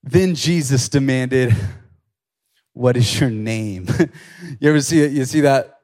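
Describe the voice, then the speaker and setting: A young man giving a casual youth sermon, animated and excitable, full of slang as he retells and reads a scripture passage. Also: mid-range voice, takes it slowly. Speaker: youth pastor.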